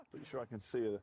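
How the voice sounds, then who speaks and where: A man's voice: mid-range voice, very noisy. A man in a casual chat, rambling through stories and laughing often.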